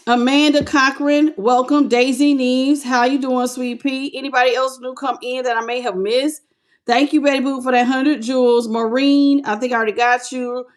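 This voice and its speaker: A woman's voice: sits high, fairly even intonation, moderate pace. A woman with a slight country twang, reading tarot on a live stream and greeting her viewers with pet names. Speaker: tarot reader.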